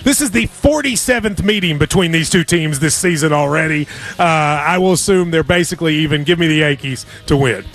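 A man's voice: fairly high pitch, a little fast, a bit bright, faint music behind. A man hosting a sports radio show, bantering in a jokey, playful way.

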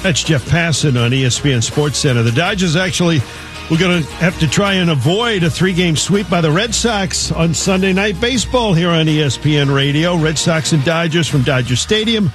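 A male sports newsreader with a slightly higher voice, delivering a brisk, polished scripted update. Faint music plays under him. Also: a bit bright. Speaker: radio news update anchor. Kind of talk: scripted sports news reading.

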